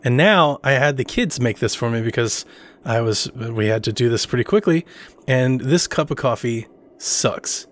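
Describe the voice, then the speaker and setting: Lively, animated man spinning stories. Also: medium pitch, moderate pace. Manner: animated storyteller, acts out family quotes with laughter. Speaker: podcast co-host. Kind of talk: casual chat.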